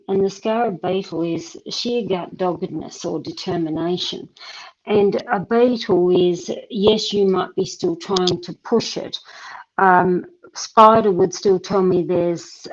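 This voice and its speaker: A chatty woman with a Tasmanian Australian accent, her voice on the low side, talks through a live reading and thinks aloud as she goes. The stream audio sounds dull and lo-fi. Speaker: host and tea leaf reader.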